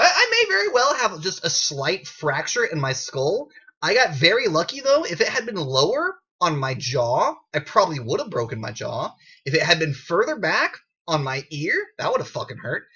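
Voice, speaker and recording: Man, casual unscripted storytelling, sarcastic, swears a lot, bright sharp tone, muffled camera-mic sound. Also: a little high. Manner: animated and sarcastic, swears freely. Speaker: gaming video creator. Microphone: built-in camera mic.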